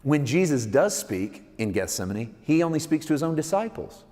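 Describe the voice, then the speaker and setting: A man's voice: mid-range voice, sing-song, fairly quick, few pauses, mellow. A male preacher giving a conversational sermon that builds to emphatic fervor. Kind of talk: sermon teaching. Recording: long hall reverb.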